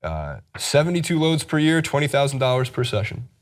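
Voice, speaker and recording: A man's voice: mid-range voice, very animated, brisk, slight background noise. A man hosting a sports news chat show, talking through a story in a casual, wry way with lots of fillers. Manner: wry, joking delivery with frequent fillers.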